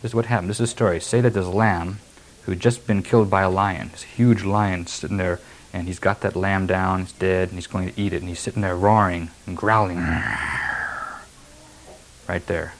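Emphatic low-voiced preacher. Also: male voice, fairly even intonation, moderate pace, poor audio. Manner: emphatic, reads verses then paraphrases. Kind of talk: sermon expounding scripture.

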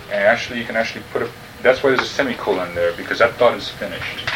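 Here a man with a fairly low voice lectures quickly on New Testament Greek, going patiently through each word and checking his students understand. It's picked up on a far-off microphone amid room noise.

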